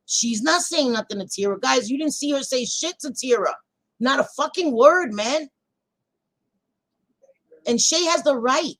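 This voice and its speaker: A woman hosting a livestream, ranting to her chat in a heated, profane casual way that swings between loud outbursts and quieter stretches. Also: on the high side, low-quality recording. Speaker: livestream host.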